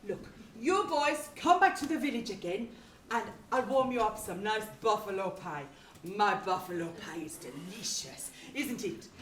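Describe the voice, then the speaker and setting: A woman's voice: mid-range voice, animated, moderate pace, natural voice. A woman with an English accent acting a cheeky, motherly village cook in a pantomime, chatty and jokey. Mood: fussing. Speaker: amateur stage actor. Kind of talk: pantomime stage acting with ad-libs. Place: community stage hall. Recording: echoey hall from far off, noisy.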